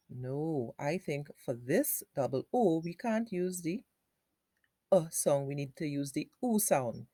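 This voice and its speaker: A woman teacher giving a phonics lesson for young children, sounding out words slowly in parts. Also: low voice, lively intonation, warm tone, no room sound, clean studio sound.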